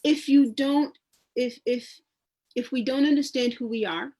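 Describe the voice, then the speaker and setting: A woman, a public historian and genealogist speaking on a community panel, talking conversationally with frequent restarts and lively storytelling. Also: high voice, measured pace. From New York. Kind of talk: panel discussion.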